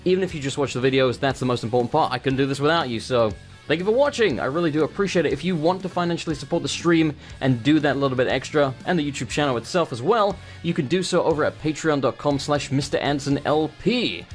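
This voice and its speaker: A man's voice: fairly high pitch, animated, fast talker, soft background music. A man with an English accent giving joking, rambling let's play commentary as a gaming video host. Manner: rambling, joking, self-deprecating.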